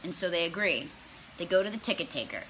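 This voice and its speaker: A woman's voice: lowish voice, animated, quick pace, fairly bright tone, a little hiss or hum. A young woman telling a comedic storytime vlog, brash and profane, laughing as she goes. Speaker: comedy vlogger.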